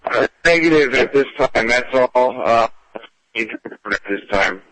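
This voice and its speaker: A man calling in a weather report over amateur radio, speaking slowly in broken phrases. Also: medium pitch, animated, a bit bright, no echo, poor audio. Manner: slow, broken delivery.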